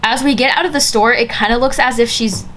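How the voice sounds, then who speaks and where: A young woman recounting a casual storytime in a fairly high voice, chatty and filling her sentences with "like". A faint ambient hiss sits under her voice. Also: quick pace, fairly bright tone. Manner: chatty, full of "like" fillers. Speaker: vlogger.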